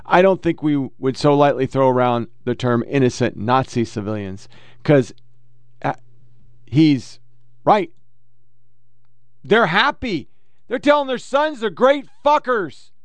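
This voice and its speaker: A man's voice: fairly high pitch, very animated, smooth, dry recording. Sarcastic swearing male podcast host. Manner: sarcastic, heckling, reads quotes fast in a mocking tone. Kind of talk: profane political commentary reading quotes.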